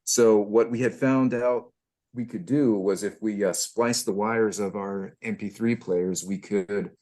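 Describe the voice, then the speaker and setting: A man, a former tank crewman, telling army stories casually, halting and repeating himself. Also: lowish voice, steady tone, mellow. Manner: halting, many restarts and fillers. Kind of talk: casual storytelling.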